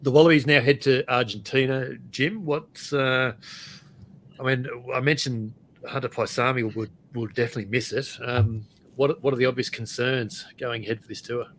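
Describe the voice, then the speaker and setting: A man's voice: medium pitch, fairly even intonation, normal speed, fairly bright tone, slight background noise. A man hosting a casual podcast chat, asking questions and steering the conversation. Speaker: podcast host.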